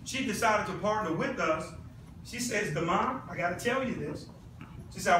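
A man's voice: high voice, unhurried, pushed and bright, a little hiss or hum. A man giving a live product demonstration to a room of people, persuasive and peppering the audience with questions. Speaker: product presenter. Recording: echoey room, mic at a distance.

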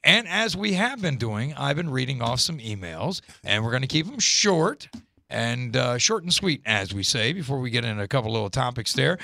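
An upbeat male talk show host with a bright, gravelly voice. His pitch leaps around as he reads listener emails aloud. The studio sound is dry and close. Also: very animated, normal speed, no echo. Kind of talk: casual live talk show.

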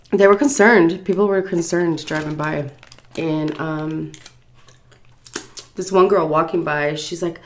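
Still getting over the flu, a woman food vlogger chats straight to her viewers, telling her story off the cuff. She sounds breathless and keeps sighing and stopping for air; her voice sits slightly low, and there's a faint hiss or hum.

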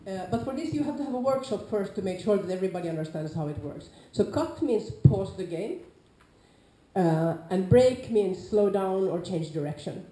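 A woman's voice: mid-range voice, moderate pace. Nordic woman lecturing in an echoey room. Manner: lively, acts out quoted players with sudden loud calls. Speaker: lecturer on larp safety. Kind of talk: informal lecture to a class.

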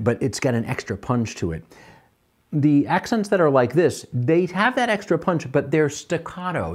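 A man's voice: fairly low pitch, a little mellow. A middle-aged man teaching a piano lesson, patiently explaining step by step. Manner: patient, explains step by step, counts and scats rhythms aloud. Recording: piano playing under the voice.

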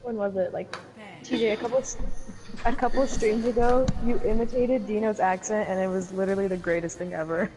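A woman's voice: mid-range voice, fairly even intonation, brisk, over music. A young woman chatting casually on a gaming stream, giggly and self-deprecating, talking with her friends and the chat. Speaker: co-streamer guest.

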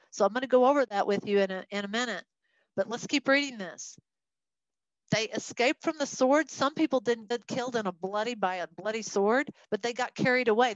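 A woman leads a Bible study, addressing a group and animatedly acting out the voices of the people she quotes. Her voice is medium-pitched, and the recording is muffled with no echo.

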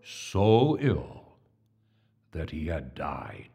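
Slow, expressive male storyteller. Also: a bass voice, vocal fry, over loud music. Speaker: narrator. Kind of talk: storybook narration with music.

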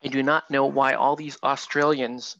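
Gravelly, chatty painting streamer. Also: male voice, mid-range voice, little pitch movement, moderate pace, bright, forceful tone, no room sound, lo-fi sound. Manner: chatty, rambling, self-mocking, talks to chat as he paints. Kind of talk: casual livestream painting tutorial.

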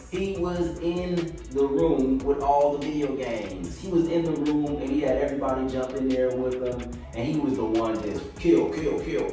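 A man leading a kids' yoga lesson on a video call, hyping the children up, then guiding slow breathing in a soft voice. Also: mid-range voice. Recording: echoey room, far from the mic.

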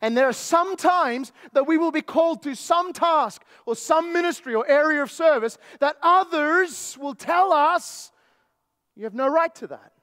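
A pastor preaching a sermon, emphatic at times and then dropping into low, quiet asides. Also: male voice, unhurried, hardly any pauses. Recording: long hall reverb.

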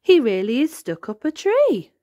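A woman doing an eager, excitable elephant. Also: high voice, moderate pace, no room sound, clean studio sound, pitched above the performer's own voice.

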